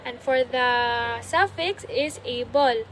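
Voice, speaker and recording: Young filipina student doing a class report, high voice, talks slow, lots of um and so. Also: female voice, a bit bright, slight background noise. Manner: careful, halting explanation with many "so" and "um". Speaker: student presenter.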